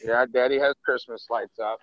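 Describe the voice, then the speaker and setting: A man's voice: medium pitch, fairly even intonation, normal speed, lo-fi sound. A father chatting playfully with his daughter on a phone video, grumbling dramatically. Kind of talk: casual family vlog chat. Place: family home, stepping outside into snow at night. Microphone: handheld phone camera.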